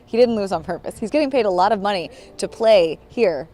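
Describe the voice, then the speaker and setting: A woman reads viewer comments aloud to her co-host and quips about them in a brisk, wry way, her pitch sitting in a middle range. She keeps the chat moving with quick agreements. She's outdoors at a stadium. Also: expressive, warm tone. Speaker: sports reporter. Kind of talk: casual post-game chat, reading viewer comments.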